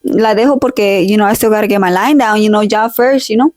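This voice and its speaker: A young woman hosts a casual podcast-style vlog, telling a story in a chatty, slangy way and slipping in Spanish phrases. Her mid-range voice is fast and darkish in tone, with no echo. She uses a poor home handheld or desk mic and sometimes drifts away from it.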